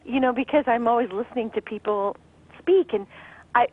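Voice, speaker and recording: Bubbly voice actress on a phone line. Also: female voice, a little high, brisk, slightly rough, no room sound. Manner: bubbly, playful, laughs often. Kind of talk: casual radio interview. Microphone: telephone. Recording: muffled telephone line.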